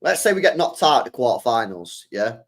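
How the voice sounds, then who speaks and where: Fired-up young football fan. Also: male voice, medium pitch, very animated, fairly quick. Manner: passionate, swearing, repeats his points. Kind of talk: casual live-stream reaction chat.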